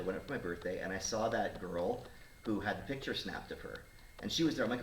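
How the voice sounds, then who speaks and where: A man's voice: on the low side, fast talker. A man, a radio talk show host in his thirties, telling a story casually and acting out the voices of the people in it. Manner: animated, acts out quoted voices. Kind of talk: casual storytelling to a studio audience. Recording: roomy sound, mic at a distance, faint noise.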